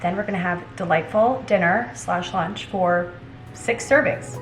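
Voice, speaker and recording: Soft background music plays as a young lifestyle vlogger cooks in her home kitchen, chatting in a bubbly way and joking around. Her fairly low voice is a little slow. The audio is poor, roomy and recorded from afar.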